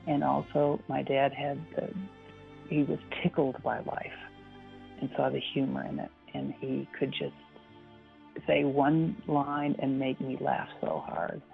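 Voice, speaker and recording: Gravelly voice, smiling and laughing while talking, tinny phone sound, faint music underneath. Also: mid-range voice, level tone, measured pace. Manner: warm, smiling, reminiscing with laughs. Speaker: interview guest. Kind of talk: personal interview conversation.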